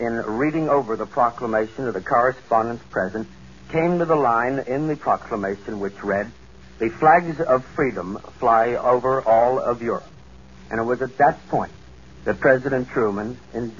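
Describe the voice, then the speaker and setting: Male radio correspondent, formal and measured, muffled old broadcast sound. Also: medium pitch, a bit bright, a little hiss or hum. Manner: formal, measured reporting with occasional slips. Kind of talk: 1940s live radio news report.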